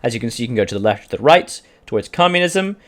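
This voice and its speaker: A man talks through a strategy game at his desk mic in a loose, chatty way, cursing now and then. His voice sits at an ordinary middle pitch. He keeps stopping to answer viewers in his live chat. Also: big pitch swings, fast talker, a bit bright. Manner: chatty, profane, reads out chat questions. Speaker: video game streamer. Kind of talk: casual gameplay commentary.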